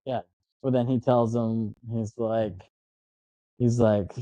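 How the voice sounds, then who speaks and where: A man co-hosting a podcast rambles through a scene-by-scene retelling of a movie in a dark, mid-range voice. The sound is lo-fi with no echo, and he laughs a lot while acting out lines in rapid-fire voices during the casual chat.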